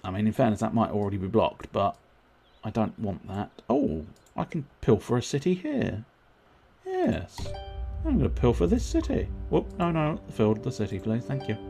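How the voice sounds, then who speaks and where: A man's voice: mid-range voice, dark tone. A man casually commenting on a board game he plays live, chatty and self-mocking, with plenty of swearing. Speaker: livestreamer playing board games. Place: at home.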